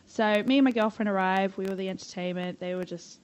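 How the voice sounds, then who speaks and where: A woman's voice: mid-range voice, steady tone, fairly quick, clean tone, low-quality recording. An Australian woman, a guest on a podcast, telling stories in a bubbly, chatty way and swearing freely. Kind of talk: casual storytelling.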